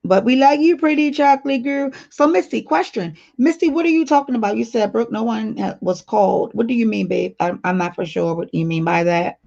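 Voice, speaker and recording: A woman's voice: fairly high pitch, a little fast, creaky, few pauses, dark tone. Chatty woman hosting a lo-fi livestream. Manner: chatty, blunt and playful, talks straight to her viewers. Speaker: livestream host. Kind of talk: casual livestream chat reading comments. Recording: dull lo-fi stream audio.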